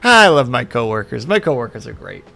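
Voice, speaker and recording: A man's voice: medium pitch, big pitch swings, fairly quick, creaky, sharp tone, soft background music. A man streaming live, chatting casually and rambling to his chat.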